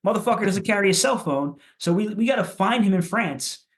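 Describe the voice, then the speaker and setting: A man's voice: sits high, lively intonation, fairly quick, fairly bright tone. A man from Philadelphia, a punk musician guest on a podcast, telling stories in a rambling way with lots of swearing and "like" fillers. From Philadelphia, USA. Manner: rambling, profane, many "like" fillers. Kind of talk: casual chat.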